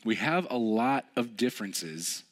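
A young man preaching a relaxed, conversational sermon, telling stories with lots of fillers. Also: medium pitch, a little slow. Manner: casual, storytelling, many fillers. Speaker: pastor.

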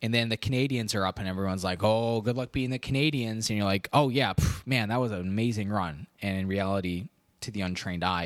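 A young man hosting a podcast, chatting casually in a rambling, jokey way with animated asides. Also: mid-range voice, no echo. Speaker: podcast host. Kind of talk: casual solo podcast chat.

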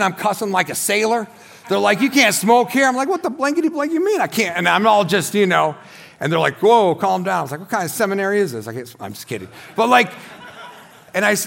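Before a congregation on a church stage, a pastor in his forties turns his testimony into a sermon. There's vocal fry in his voice, and he relates his story with excitement, breaking into shouts at the peaks.

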